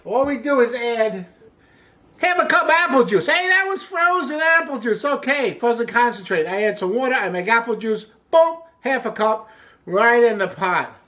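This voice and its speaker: An upbeat home cooking host walks through a recipe in a relaxed, chatty way, opening many lines with "hey" and calling things "wonderful". The voice sits at a middle pitch, and quips and laughter at their own jokes keep the tone light. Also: moderate pace, slight background noise. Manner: repeats praise like "wonderful". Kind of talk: casual cooking demonstration.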